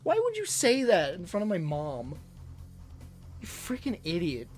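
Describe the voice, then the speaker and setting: A man's voice: high voice, wildly swooping pitch, measured pace, a little mellow, soft background music. A man livestreamer chatting casually to his audience, telling stories in a blunt, rambling way. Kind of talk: casual chat to a live stream audience.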